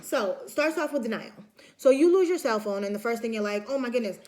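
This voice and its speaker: Lecturer woman with a higher-pitched voice, chatty and informal, acts out examples for students. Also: expressive, fairly quick, a little mellow. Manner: chatty, acts out examples, many fillers and restarts. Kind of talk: casual recorded lecture.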